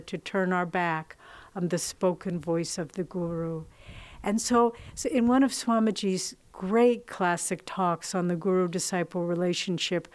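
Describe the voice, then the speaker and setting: A woman giving a devotional talk as a spiritual teacher. She speaks slowly and leaves long pauses, in a voice of middle pitch. Her manner is reflective and earnest as she tells her stories. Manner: slow, reflective, earnest storytelling.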